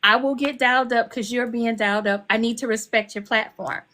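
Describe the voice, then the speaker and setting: A woman's voice: on the high side, brisk. An older woman, an author guest, chatting casually and acting out the people in her stories. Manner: animated storyteller, acts out quotes. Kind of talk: casual chat.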